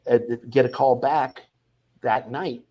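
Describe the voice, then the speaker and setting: Animated storytelling director man. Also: medium pitch, slow, dull audio. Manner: animated, acts out quoted people, frequent restarts. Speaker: film director, interview guest. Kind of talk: anecdotal storytelling in an interview.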